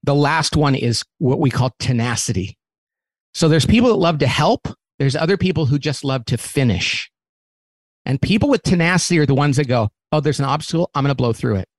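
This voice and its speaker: A man who runs a company, talking as an interview guest and lively acting out quoted remarks as he explains a model. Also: fairly high pitch, brisk, no echo. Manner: animated, acts out quotes in different voices; repeats words when restarting.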